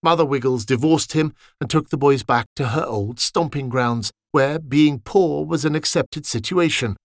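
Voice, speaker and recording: A man reading a fantasy story aloud in an expressive, wry manner. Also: medium pitch, moderate pace, no echo, clean studio sound.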